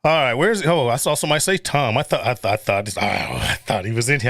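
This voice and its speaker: A man's voice: mid-range voice, fast talker, hardly any pauses, fairly bright tone, dry recording, studio quality. A man hosting a casual livestream, blunt and profane, chuckling often and reading viewer chat aloud. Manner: chuckles often between remarks. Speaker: livestream host.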